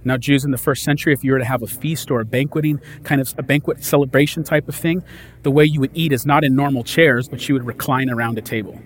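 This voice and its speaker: Animated conversational preacher man. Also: medium pitch, quick pace, slight background noise. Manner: conversational, animated, acts out disciples' lines. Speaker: pastor. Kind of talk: sermon.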